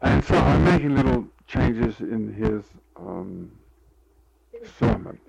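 An older man with a deeply gravelly voice tells a rambling story from his past, filled with fillers and recalled dialogue. The recording sounds dull and lo-fi, with a faint hiss behind him. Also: lively intonation, slow, darkish tone. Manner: meandering, full of fillers, acts out quoted dialogue. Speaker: interviewee telling a life story.

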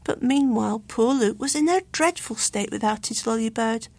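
A woman reading a children's storybook aloud with clear, expressive narration. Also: fairly high pitch, normal speed, no echo.

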